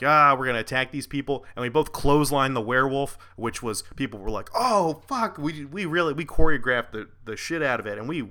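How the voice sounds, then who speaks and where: A man's voice: medium pitch, pushed and bright, smooth. A man hosting a podcast, telling a long rambling story with laughs, fillers and some swearing. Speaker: podcast host. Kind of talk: casual storytelling.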